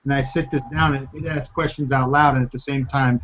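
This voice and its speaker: A man on a video call, a paranormal investigator guest, telling anecdotes in a relaxed way. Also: mid-range voice, brisk, a little hiss or hum. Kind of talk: casual chat. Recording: slightly muffled call audio.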